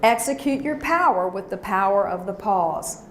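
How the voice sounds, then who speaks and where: A woman's voice: medium pitch, expressive, normal speed, a bit bright, a little hiss or hum. A woman leading a workshop, coaching a live audience with energy and call-and-response chants. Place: large room with an audience. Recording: echoey room recording.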